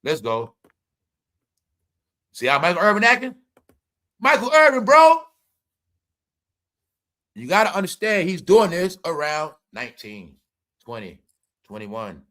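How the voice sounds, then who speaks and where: A man's voice: sits high, very animated, a little slow, pauses often, pushed and bright. A man hosting a commentary show, ranting in a mock-courtroom style and swearing freely. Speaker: show host.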